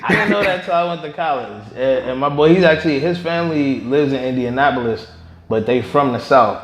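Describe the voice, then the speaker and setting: A man's voice: medium pitch, lively intonation, a crowd in the background. Curious interviewing man in echoey room. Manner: curious, lots of quick agreeing. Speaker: interview host. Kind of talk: casual interview chat.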